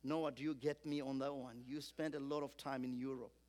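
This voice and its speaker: A man's voice: medium pitch, little pitch movement, brisk, a little mellow. A man preaching a sermon, emphatic, building through repeated lines and calling on the congregation to repeat after him.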